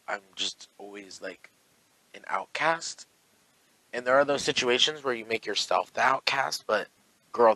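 A man hosting a casual solo podcast, sassy and campy, talking with big excitable swings and then dropping soft and low, sore with heartburn. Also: low-quality recording. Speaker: podcast host.

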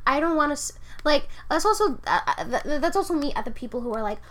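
A young woman in her twenties co-hosting a casual late-night chat, ranting in a profane, animated way. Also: sits high, fairly quick. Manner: animated, profane, laughing rants. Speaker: podcast co-host.

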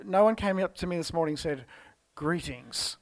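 A man with an Australian accent preaching a church sermon, telling the story expressively and moving between loud exclamations and hushed tones. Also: on the high side, lively intonation, normal speed. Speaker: pastor. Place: church service.

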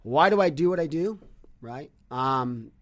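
A man telling stories on a podcast in a casual, animated way, acting out quotes and restarting his sentences often. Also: on the high side, measured pace. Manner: animated storyteller with many restarts, acts out quotes. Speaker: podcast guest, business leader. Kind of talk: casual conversational storytelling.

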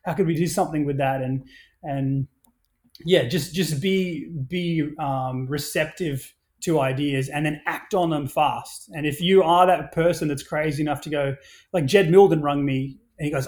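In a relaxed podcast chat, an energetic man tells stories at a normal speed. His voice sits a little high, he swears freely, and he keeps restarting as the ideas pour out.

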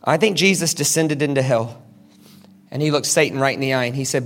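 A man preaching a sermon, telling a story with dramatic, animated delivery and shouted peaks. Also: medium pitch, a little fast.

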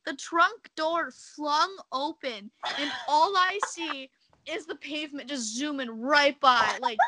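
A young woman guesting on a podcast tells a story in casual conversation, animated and laughing often as she acts out the quotes. Her voice is high and slow, with no room sound.

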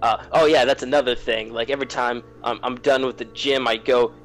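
A young male podcast co-host rambles through a story in casual chat, leaning heavily on "like" and "to which" with many fillers and self-mocking asides. His mid-range voice is fairly even and bright, a little fast, over soft background music.

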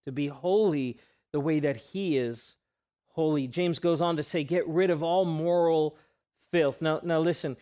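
Pastor guy preaching, kinda high voice, lots of questions, goes quiet on the big words. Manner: earnest preaching with rhetorical questions and pauses, voice dropping soft on key words. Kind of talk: sermon.

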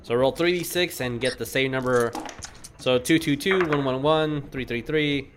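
A man's voice: medium pitch, normal speed, noisy background. A man running a tabletop game as game master, chatty and explaining rules as he makes them up.

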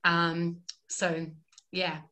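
A woman's voice: on the low side, completely flat delivery, very slow, bright, forceful tone. A woman actor chatting on a podcast, enthusiastic and full of "like" and laughter, who says she practises an American accent. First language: not American, works on an American accent. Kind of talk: casual podcast chat.

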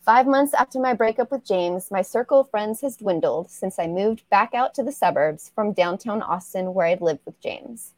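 A woman's voice: mid-range voice, moderate pace, hardly any pauses, dry recording. Woman author reading her novel aloud. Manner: casual, laughs easily between lines. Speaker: romance author, guest.

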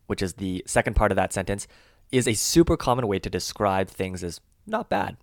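A man co-hosting a language lesson, carefully walking through example phrases and slowing down on the key words. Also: fairly low pitch, sing-song, no echo, studio quality. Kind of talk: scripted explanatory lesson.

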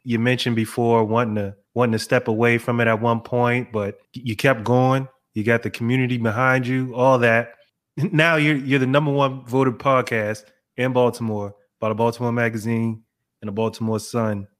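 A man interviewing a guest on a podcast, relaxed, repeating words as he forms his questions. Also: medium pitch, moderate pace.

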